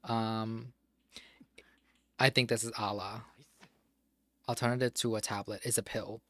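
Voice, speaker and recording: Working through crossword clues during solo gameplay, a streamer mutters, spells words letter by letter, and gives the occasional frustrated curse. His fairly low voice is flat and measured, with a fairly bright tone. There is no room sound.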